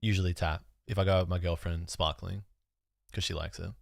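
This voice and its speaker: A young Australian man as a guest in a casual chat, relaxed and matter-of-fact. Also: deep voice, brisk, vocal fry, no room sound, clean studio sound.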